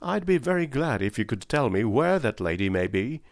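A man reading aloud and voicing a blustering, mocking middle-aged male villain, pitched above his own voice. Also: big pitch swings, moderate pace, no echo, clean studio sound. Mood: smooth, evasive. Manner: sneering and mocking.

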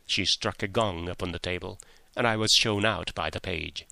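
A man narrating a classic story in the first person, measured and expressive, in the style of an audiobook. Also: low-pitched, vocal fry, no echo.

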